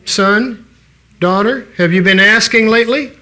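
Older man, preacher, folksy sermon, high-pitched, bright tone. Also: unhurried. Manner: folksy, conversational preaching with restarts.

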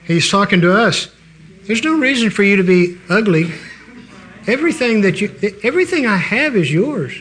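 A man's voice: high voice, animated, normal speed, a bit bright, slight background noise. An older man preaching a sermon in a folksy, conversational way, telling stories and restarting his sentences.

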